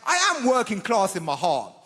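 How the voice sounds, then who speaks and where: A man's voice: high-pitched, normal speed. A man doing a stand-up set on a large theatre stage, chatty and conversational. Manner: lively, conversational, slips into voices of friends. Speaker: stand-up comedian. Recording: roomy theatre with long reverb and loud crowd noise.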